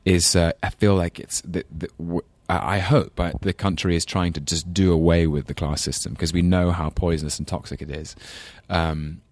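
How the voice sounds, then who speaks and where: A man with a London English accent talks as a guest on a talk show, thoughtful and rambling, quick to laugh. His voice is very low and the sound is dry and close. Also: fairly even intonation, no echo. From England. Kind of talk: casual chat.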